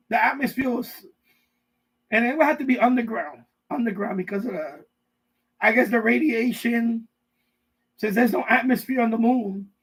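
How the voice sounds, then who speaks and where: Live-streaming from his basement room, a man goes on a rambling, casual rant full of profanity and repetition, riffing in mock voices. His voice is very high-pitched and husky, and the audio quality is poor.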